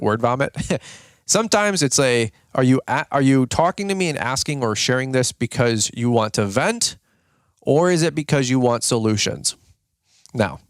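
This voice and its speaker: An energetic man hosting a podcast talks through practical advice in a loose, slangy way. His voice sits at an ordinary middle pitch, and the recording is close and dry, with no room sound. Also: clean tone, dry recording. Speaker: podcast host. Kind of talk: casual advice talk.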